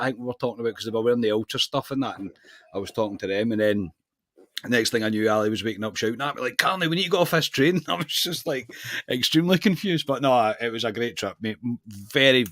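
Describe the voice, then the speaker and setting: A Scottish man co-hosts a football podcast in a casual, matey style, constantly saying "mate," laughing at himself, and often restarting his sentences. His voice is medium-pitched and fairly bright, with no room sound.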